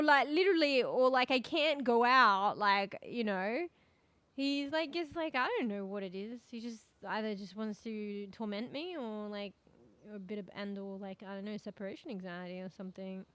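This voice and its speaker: A woman's voice: mid-range voice, fairly bright tone, no room sound. A young adult woman streaming a game, chatting casually in a rambling, sweary way with lots of fillers. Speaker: VTuber streamer. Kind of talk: casual gaming stream chat.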